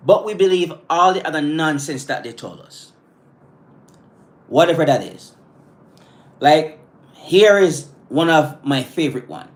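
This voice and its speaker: A man talking to his live-stream audience about positive self-talk. He speaks earnestly and bluntly, often restarting and repeating words, and breaks off to greet viewers by name. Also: on the high side. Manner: blunt, casual phrasing.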